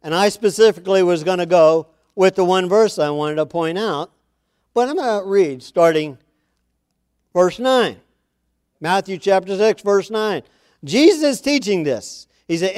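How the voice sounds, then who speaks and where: A man's voice: sits high, expressive, measured pace, darkish tone, clear, resonant tone, dry recording, clean studio sound. A man preaching a sermon, reading scripture aloud and pressing his points with repeated phrases and questions to the congregation. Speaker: pastor.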